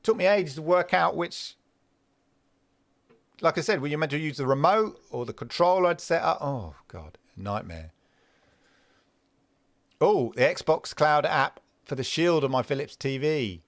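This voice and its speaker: A man hosts a gaming livestream in a casual, rambling way and keeps breaking off to greet his chat. His voice sits a little high and swings up and down a lot. The sound is dry and close, with no room echo. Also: measured pace, pauses often. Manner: rambling, animated, talks back to chat. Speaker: host of a livestream gaming show.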